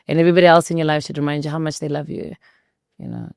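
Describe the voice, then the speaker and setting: A South African woman with a deep, low voice talks in an earnest, reflective way. Her tone is close and dry, like casual podcast chat. She sounds like a guest speaking thoughtfully. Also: very animated, fast talker, gravelly, darkish tone, no echo. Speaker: guest, actress and mother. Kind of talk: casual conversation.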